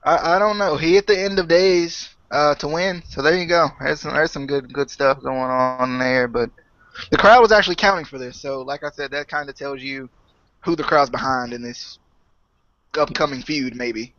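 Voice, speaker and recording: Speaking at normal speed in a fairly bright, somewhat high voice, this podcast co-host keeps the chat casual, joking hesitantly and poking fun at himself. The audio is dry, dull and lo-fi.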